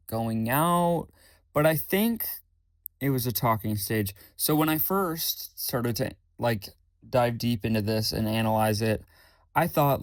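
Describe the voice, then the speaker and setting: A young man hosting his own podcast, chatting casually with a rambling, self-correcting, rather monotone delivery. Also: mid-range voice, no room sound. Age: young adult. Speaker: podcast host. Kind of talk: casual solo podcast chat.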